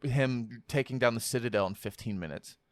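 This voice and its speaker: A podcast co-host rants his opinions in casual chat, swearing a lot, in a medium-pitched, fairly quick voice. He records at a home podcast setup on a studio mic turned sideways, with no room sound.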